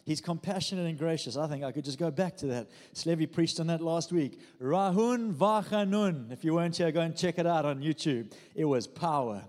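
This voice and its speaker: Male pastor, fervent sermon delivery with humor, slightly high voice, church hall reverb. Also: normal speed, few pauses, darkish tone. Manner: fervent preaching with jokes and audience prompts.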